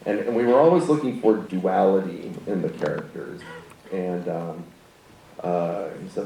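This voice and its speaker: Gravelly low man, rambling anecdote. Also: measured pace, dark tone. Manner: rambling, self-correcting, amused. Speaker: film director. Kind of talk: live Q&A storytelling. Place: cinema auditorium. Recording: distant roomy hall mic with faint noise.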